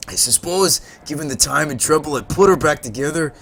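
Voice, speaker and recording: A man voicing a gruff but well-meaning old male junk dealer with a put-on German accent. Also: on the high side, fairly bright tone, pitched above the performer's own voice. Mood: fond. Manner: gruff, slow and hearty.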